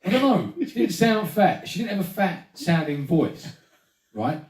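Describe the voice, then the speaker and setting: Casting: man, teasing storyteller, lively pitch, echoey room. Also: measured pace, far from the mic. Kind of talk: casual banter.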